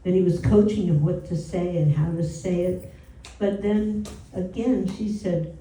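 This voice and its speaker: Woman storyteller at a home gathering, low warm voice, conversational, picked up at a distance. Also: fairly even intonation, unhurried. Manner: conversational, frequent "you know" asides. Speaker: speaker at a devotional home program. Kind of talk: storytelling talk. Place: indoor gathering room. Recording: roomy and distant from the mic.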